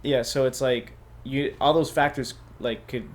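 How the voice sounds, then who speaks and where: A man's voice: mid-range voice, fairly even intonation, unhurried. Rambling, swearing male comedian guest. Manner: loose and rambling, heavy "like" filler and frequent swearing. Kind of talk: casual podcast chat. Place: podcast studio.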